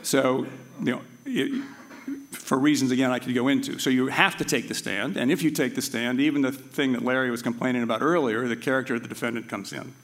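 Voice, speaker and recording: A man's voice: medium pitch, steady tone, a bit bright. Male law lecturer, academic talk, hesitant with frequent fillers, chatty asides. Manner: halting, with frequent restarts and filler words; aside-prone and conversational.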